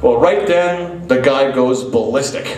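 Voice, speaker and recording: A man with a Canadian accent telling an animated story to a live audience, acting out quotes with sudden high yelps. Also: unhurried, loud music behind the voice. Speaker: drummer telling a story at a clinic. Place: music store clinic stage. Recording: roomy live hall, mic at a distance.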